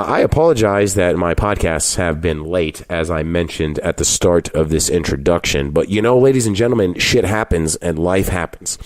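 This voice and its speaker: A man's voice: sits low, dry recording, studio quality. An American man hosting a wrestling podcast, announcing with a wry showman's flair and chatting casually with a guest in a home. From United States. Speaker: podcast host. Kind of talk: podcast introduction and casual interview. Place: a private home.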